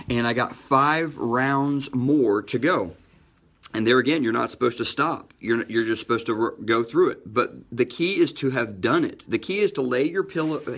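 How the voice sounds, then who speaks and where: Energetic man telling a motivational story. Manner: energetic, shifts pitch and pace for emphasis. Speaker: motivational podcast host.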